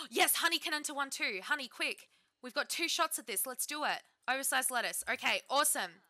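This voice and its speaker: A woman's voice: high-pitched, lively intonation, a little fast, bright, forceful tone, no echo. A woman giving bubbly, chatty let's-play commentary, often talking to her game characters. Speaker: gaming YouTuber.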